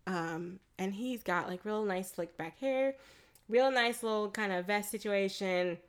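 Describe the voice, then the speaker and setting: A woman co-hosting a podcast, retelling a film in a casual, animated and profane way with frequent laughter. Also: mid-range voice, a little slow, clear, resonant tone. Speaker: podcast co-host. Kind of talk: casual film recap chat.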